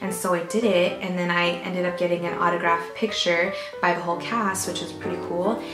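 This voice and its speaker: A woman's voice: lowish voice, level tone, a little fast, echoey room, over music, low-quality recording. A young woman with a Californian accent chatting bubbly and casually to camera as a vlogger. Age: young adult.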